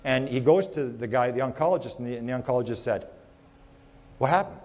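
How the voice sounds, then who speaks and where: In an anecdotal storytelling lecture on UFO research, a man with a mid-range voice talks fast. He rambles, restarting often and repeating words, and tells his stories animatedly in the present tense.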